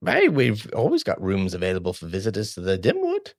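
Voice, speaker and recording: A man voicing a friendly, eager male halfling innkeeper in a high, welcoming voice. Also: huge pitch swings, a little fast, creaky, dry recording, clean studio sound, heavily acted.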